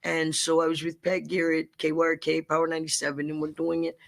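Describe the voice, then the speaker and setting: Middle-aged male comedian guest, gravelly, animated storyteller. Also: a little high, fast. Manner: joking, animated, profane. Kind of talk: storytelling in a casual interview. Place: studio. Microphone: large studio microphone.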